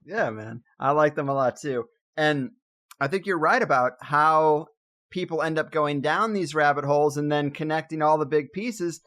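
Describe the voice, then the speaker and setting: A man hosting a podcast, talking in a relaxed way and thinking aloud, with lots of "like"s. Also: a little high, normal speed. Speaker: podcast host. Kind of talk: casual conversational interview.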